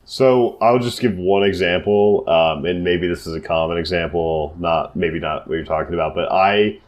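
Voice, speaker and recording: A man's voice: deep voice, normal speed. A man co-hosting a podcast in casual chat, sounding congested and telling rambling, profane stories. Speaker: podcast co-host.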